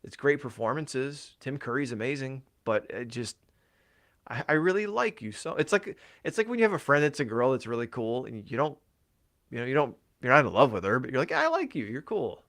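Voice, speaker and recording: A man's voice: mid-range voice, animated, brisk, fairly bright tone. A man chatting casually on a podcast, rambling through his thoughts with plenty of swearing and filler words. His voice sounds worn from a long day of talking. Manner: rambling, profane, lots of fillers. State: voice tired from talking all day. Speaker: podcast co-host.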